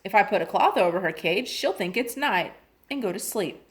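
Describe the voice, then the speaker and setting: A woman's voice: mid-range voice, expressive, normal speed, natural voice. Polite proper mom, firm when she needs to be, woman reading. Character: proper, slightly worried mother.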